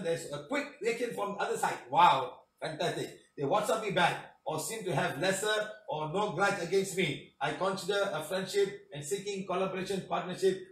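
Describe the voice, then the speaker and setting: Malaysian English male healer, high-pitched, emphatic and preachy, miked from a distance in an echoey room. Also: a bit bright, slight background noise. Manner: emphatic, preachy, tag questions. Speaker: spiritual healing teacher. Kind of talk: reading and commenting on testimonials.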